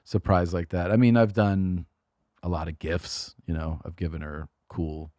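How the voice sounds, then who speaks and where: A man with a low, deep voice talks in a loose, rambling way, swearing casually and poking fun at himself. The sound is dry and close, with no room around it. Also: little pitch movement, moderate pace, mellow, dry recording. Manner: rambling, profane, self-mocking. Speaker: podcast guest, comedian. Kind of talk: casual chat.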